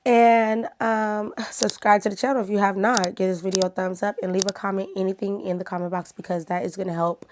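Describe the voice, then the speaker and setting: A woman's voice: mid-range voice, little pitch movement, fairly quick, few pauses, background noise. A woman YouTuber chatting casually to her viewers while telling a personal story. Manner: chatty, talks straight to viewers.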